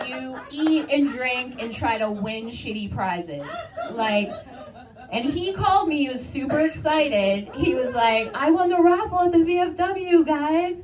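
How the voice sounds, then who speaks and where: A woman performing a stand-up comedy set, telling stories in a conversational, self-deprecating way. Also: a little high. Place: comedy club stage. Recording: noisy club room from a distance. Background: audience laughter.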